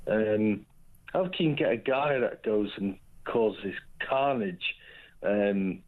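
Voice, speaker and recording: A man's voice: on the low side, slow. A man calling in to a radio show, chatty, jokey and meandering. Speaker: caller. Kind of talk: casual phone-in chat. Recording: tinny phone line.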